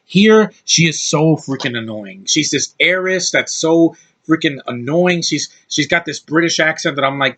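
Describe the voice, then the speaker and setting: A man's voice: a little high, expressive, moderate pace, fairly bright tone. A man giving a casual, opinionated film review, rambling and restarting his sentences as he goes. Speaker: movie reviewer.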